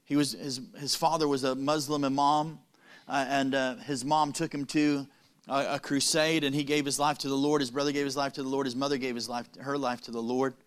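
A man preaching a sermon, telling a story with dramatic pauses and quick, punning asides. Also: medium pitch, little pitch movement, smooth.

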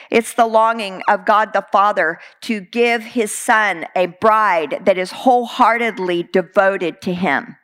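A woman's voice: on the high side, fairly bright tone. A middle-aged woman from Texas, preaching a sermon in an earnest, conversational way with many fillers.

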